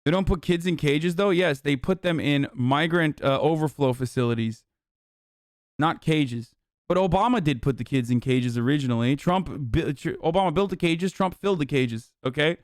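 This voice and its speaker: A man's voice: a little high, moderate pace, no room sound, clean studio sound. A young man streaming political commentary, ranting with exasperation and a lot of swearing.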